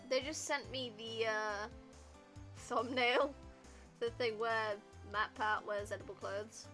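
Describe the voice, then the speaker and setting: A woman's voice: fairly high pitch, steady tone, takes it slowly, sharp tone, soft background music. A young woman streamer chatting casually and rambling with lots of fillers while playing a game. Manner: rambling, filler-heavy, giggly. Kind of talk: casual gameplay chat.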